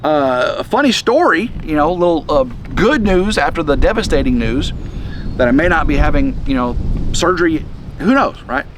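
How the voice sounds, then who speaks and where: A middle-aged man, talking to the camera outdoors in the wind in a halting, rambling way, a little chest-congested. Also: on the high side, very animated. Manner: rambling, halting, many restarts. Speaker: vlog host. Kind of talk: casual rambling vlog.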